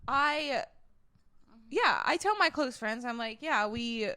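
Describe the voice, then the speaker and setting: A woman's voice: on the high side, expressive, slow, pushed and bright. A woman in her twenties co-hosting a casual podcast, chatty and giggly with lots of fillers, sounding sleep deprived. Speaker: podcast co-host. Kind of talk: casual chat.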